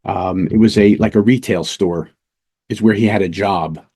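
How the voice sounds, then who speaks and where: A middle-aged man, a police lieutenant, teaching undercover work through a casual, lively anecdote told with small restarts. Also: fairly low pitch, moderate pace, slightly rough. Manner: lively anecdotes, acts out quoted voices, fillers and restarts. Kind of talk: casual storytelling lesson.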